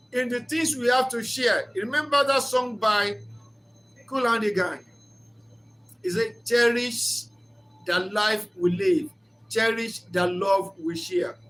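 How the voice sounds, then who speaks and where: Earnest man with a bright, high voice. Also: slight background noise. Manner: earnest, storytelling, preacher-like. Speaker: speaker of a reflection channel. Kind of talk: reflective talk on marriage.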